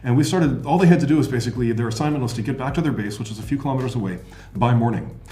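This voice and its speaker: An American man co-hosting a podcast, telling stories in casual chat, playful and quick to laugh. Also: mid-range voice, dark tone, roomy sound. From United States. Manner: storytelling, playful, laughs easily. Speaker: podcast co-host.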